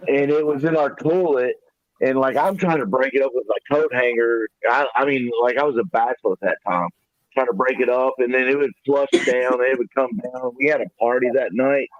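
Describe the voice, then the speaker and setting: A man co-hosting a podcast, telling a crude story in a rambling, profane way with halting restarts. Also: mid-range voice, no echo, muffled recording. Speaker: podcast co-host. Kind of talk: casual storytelling.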